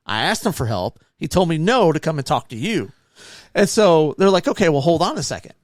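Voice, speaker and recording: Animated storytelling man, lively pitch. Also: a little fast, no room sound, studio quality. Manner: animated anecdotes acting out quoted people. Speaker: podcast co-host. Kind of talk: casual chat, storytelling.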